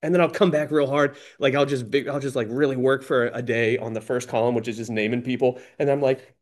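A man in AA candidly shares his experience working the steps, speaking fairly quickly with hardly any pauses. His mid-range voice keeps a fairly even intonation. He's casual and slangy, pokes fun at himself, and restarts his sentences often.

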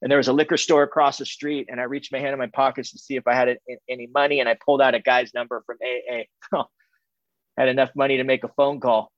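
In a dry, dull and muffled recording, a middle-aged Californian gives a recovery group his candid testimony. He speaks at medium pitch with a flat delivery, repeating phrases and haltingly restarting sentences.

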